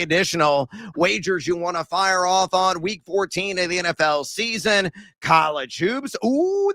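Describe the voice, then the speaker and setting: A man hosting a sports betting podcast, animated and self-mocking, bursting into shouts as he runs through his picks. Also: a little high, dry recording. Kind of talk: excitable betting picks chat.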